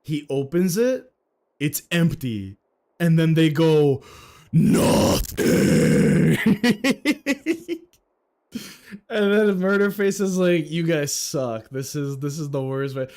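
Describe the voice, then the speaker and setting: A man's voice: on the high side, animated, takes it slowly, a little mellow. A man livestreaming a story game, chatting casually in laid-back slang and laughing easily. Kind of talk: casual game stream reaction.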